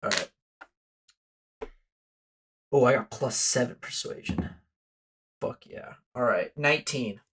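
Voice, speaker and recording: A man's voice: mid-range voice, slow pace, pauses often, fairly bright tone, a little hiss or hum. A man playing a character in a tabletop game, brash, joking and swearing. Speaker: player. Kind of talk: casual play at a tabletop game.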